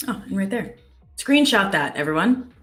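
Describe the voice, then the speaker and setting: A woman's voice: mid-range voice, very animated, moderate pace, faint music behind. A young Canadian woman hosting a live trading stream in casual chat, reading viewer comments aloud. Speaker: trading show host.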